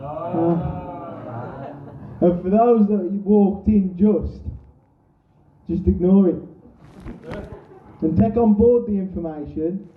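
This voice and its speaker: High-voiced, slow, self-deprecating male compere, thin and tinny, far off in a roomy club. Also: slight background noise. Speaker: comedy night host. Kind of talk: compering a comedy night. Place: small comedy club. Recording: tinny, echoey, distant club recording.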